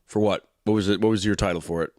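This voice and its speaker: A man's voice: on the low side, steady tone, fast talker, a little mellow, no room sound. Male podcast host, loose and jokey, swears, dry close mic. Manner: joking, swears freely, lots of fillers. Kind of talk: casual podcast chat.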